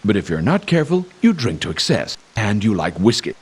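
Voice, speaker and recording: A man's voice: lowish voice, sing-song, a little fast, breathy edge. An actor playing a boastful male palace guard who fibs, with a smug, jokey manner.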